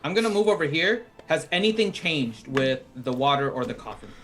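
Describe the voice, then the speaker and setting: A man playing a tabletop game chats with the table. His voice sits fairly high and swings up and down a lot as he talks. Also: very animated, a little fast, a bit bright, faint music behind. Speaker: player. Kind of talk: casual tabletop game chat.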